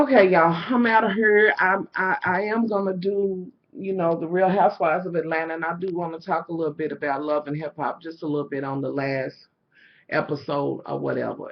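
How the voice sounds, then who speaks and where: A woman's voice: low-pitched, a little fast, gravelly. Middle-aged woman, casual vlog rant, blunt and profane, dull lo-fi audio. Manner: candid, profane, full of "you know". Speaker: vlogger.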